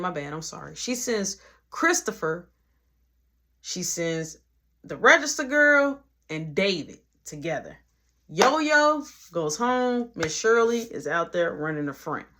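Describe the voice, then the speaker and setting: A woman telling a storytime about a shift at work, with a very lively, sing-song voice. She keeps punctuating her story with "boom" and acts out everyone's lines. Her manner is casual and animated throughout.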